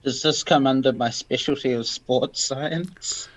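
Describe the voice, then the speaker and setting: A man's voice: mid-range voice, measured pace, low-quality recording. Hesitant man thinking aloud as a player. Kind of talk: casual tabletop game chat.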